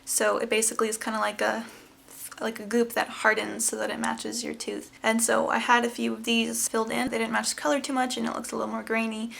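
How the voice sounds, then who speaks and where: A woman's voice: a little high, completely flat delivery, brisk, gravelly, a bit bright, a little hiss or hum. A woman in her twenties, talking candidly and emotionally to camera as she retells a personal story. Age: 20s. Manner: candid, emotional, quoting others in retold dialogue. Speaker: vlogger.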